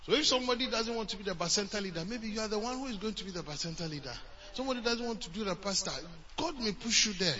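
A male pastor, preaching a sermon and telling a story, swinging between loud and hushed, on a dull lo-fi recording. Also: high-pitched, lively intonation, rapid-fire, hardly any pauses, far from the mic, a crowd in the background.

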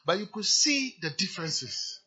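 A man's voice: sits high, very animated, unhurried, bright, forceful tone, dull audio. A man preaching a sermon as a pastor, speaking emphatically and repeating his exhortations to the congregation.

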